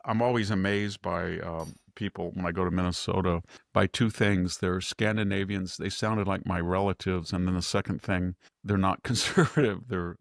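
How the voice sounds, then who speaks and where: A man's voice: sits low, steady tone, normal speed, vocal fry, few pauses, no room sound, studio quality. A man giving conversational podcast commentary, rambling with restarts and quoted asides. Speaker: guest commentator.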